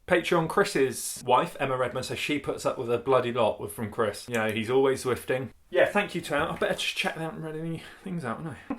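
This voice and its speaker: A man's voice: medium pitch, expressive, fast talker. A man vlogging in casual chat, rambling, laughing often and correcting himself as he goes. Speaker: cycling vlogger.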